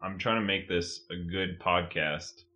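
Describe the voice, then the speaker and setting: A man's voice: sits low, steady tone, measured pace, sharp tone, dull audio. A man co-hosting a podcast in casual chat, earnest and playfully exasperated. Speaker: podcast co-host.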